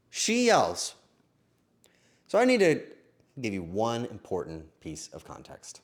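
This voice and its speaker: A young man hosting a stream, telling a story to his chat in a casual, swearing, animated way. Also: on the high side, takes it slowly. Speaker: streamer host.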